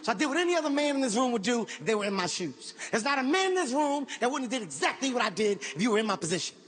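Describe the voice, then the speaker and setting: A man doing stand-up comedy, telling a profane story in an animated, shouting manner. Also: extremely high pitch, racing. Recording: live show with audience ambience.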